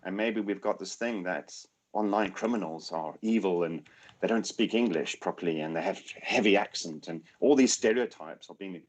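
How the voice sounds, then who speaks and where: Male podcast host, lower register, relaxed storytelling chat, animated delivery. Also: normal speed. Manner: animated, acts out quoted voices. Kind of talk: casual chat.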